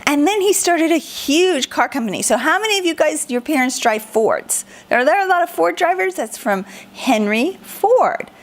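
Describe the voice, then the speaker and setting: A woman teaching a children's lesson in a playful, animated, sing-song way. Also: high-pitched, normal speed, hardly any pauses. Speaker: homeschool teacher.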